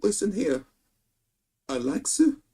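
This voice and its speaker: A man voicing a leering, menacing grown male convict with a slow, drawn-out threatening delivery. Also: sits high, big pitch swings, mellow, husky, voice pushed up, heavily acted. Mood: leering menace.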